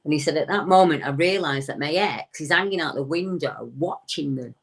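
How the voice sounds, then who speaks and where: A woman with a deep, low-set voice tells a story as an interview guest. She relays a witness's account in a conversational way and slips into his quoted words to act them out. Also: a little fast, creaky, slightly rough. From United Kingdom. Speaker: guest recounting a witness's encounter.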